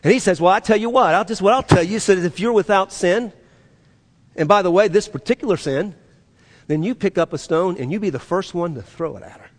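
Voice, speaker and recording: A man preaching a sermon, animated and acting out the voices he quotes, his voice rising and dropping sharply. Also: high voice, fairly quick. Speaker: pastor.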